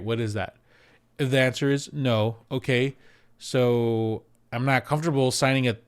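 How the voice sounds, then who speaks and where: Smooth-voiced man giving animated advice. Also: medium pitch. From United States. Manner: animated, repeats words for emphasis, acts out quotes. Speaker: real estate agent. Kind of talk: casual advice talk to camera.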